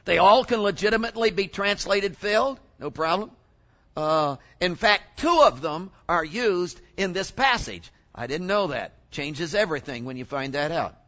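A man preaching a sermon in an animated way, often exclaiming and asking the congregation questions. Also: sits high, normal speed, muffled recording.

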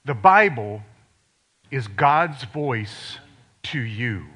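An older man from Ohio preaching a sermon in a conversational way, dropping suddenly to quiet emphasis on key words. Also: mid-range voice, sing-song, drawn-out words, slightly rough. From Ohio, USA.

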